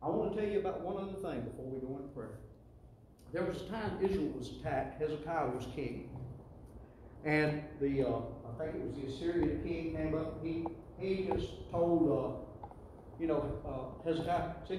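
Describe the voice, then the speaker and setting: A man preaching a sermon, building to loud call-and-response with the congregation. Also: on the high side, normal speed, slight background noise. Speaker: pastor. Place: church sanctuary. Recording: echoey church hall, distant mic.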